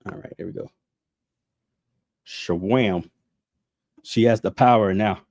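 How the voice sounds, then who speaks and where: A man's voice: lowish voice, takes it slowly, creaky, long pauses, darkish tone, no echo, clean studio sound. A man hosting a casual livestream, venting in a heated, sarcastic, profane way, often laughing between remarks. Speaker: channel host.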